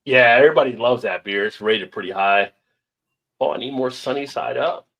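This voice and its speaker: A man's voice: mid-range voice, normal speed, vocal fry, highs cut off, heavy background noise. A man hosting a casual beer live stream, upbeat and laughing as he reads viewer comments aloud. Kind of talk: casual chat.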